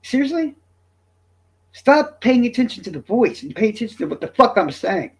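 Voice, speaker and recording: A man's voice: high-pitched, very animated, moderate pace, gravelly. A man in his fifties ranting to his livestream chat, profane, boastful and combative. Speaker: streamer.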